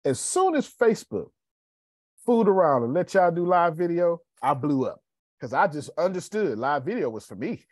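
A man hosting a live video show, talking casually with animated, preachy energy. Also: on the high side, moderate pace, no echo, studio quality. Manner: animated and preachy, with Southern Black American slang. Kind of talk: casual live-stream talk.

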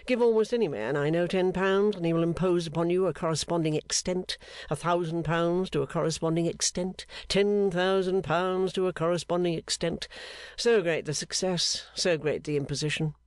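A man voicing an airy, cynical gentleman painter who talks with breezy enthusiasm. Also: on the high side, moderate pace, clear, resonant tone, no echo, studio quality, close to an everyday voice. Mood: airy, mocking.

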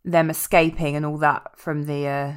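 A woman co-hosting a podcast, bantering quickly and joking in casual chat, with the odd swear. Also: sits low, flat delivery, smooth. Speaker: podcast co-host.

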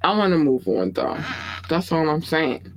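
A woman's voice: deep voice, very animated, moderate pace, poor audio. A woman hosting a podcast, giving casual entertainment news commentary and reading viewer comments aloud in a candid, opinionated, blunt and profane way. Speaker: podcast host.

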